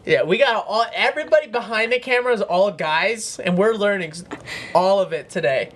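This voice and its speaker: A man's voice: sits high, animated, brisk, a bit bright. A man hosting a casual podcast, who asks teasing questions and jokes with his co-host.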